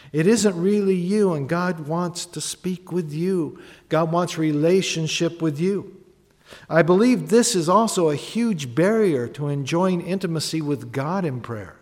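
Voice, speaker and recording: A man delivers a sermon as pastor, his voice sitting a little high for a man. He talks conversationally, asks the congregation questions and acts out prayers. A long reverb trails each phrase in the church sanctuary.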